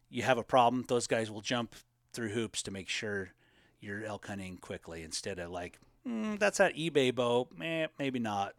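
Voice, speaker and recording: A man co-hosting a casual live question-and-answer chat about elk hunting, talking in a relaxed, rambling way with plenty of fillers. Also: mid-range voice, no room sound, studio quality.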